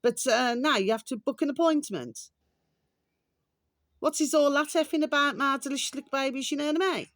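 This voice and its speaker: An English woman vlogs casually to camera in a high, brisk voice with no room sound. She rants in a chatty, repetitive way and keeps calling her viewers pet names like "my delicious little babies".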